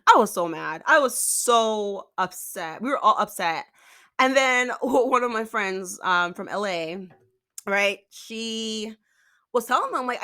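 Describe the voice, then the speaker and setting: A woman's voice: mid-range voice, animated, a little slow, sharp tone. A woman telling a storytime vlog, exasperated, acting out the dialogue as she retells it. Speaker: vlogger.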